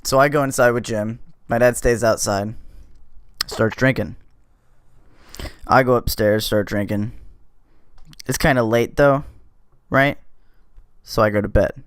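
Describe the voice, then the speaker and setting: A man hosting a podcast, telling a story in a casual, animated way, swearing freely and getting louder as it builds. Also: mid-range voice, unhurried, long pauses, clean tone, dry recording, clean studio sound. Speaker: podcast host.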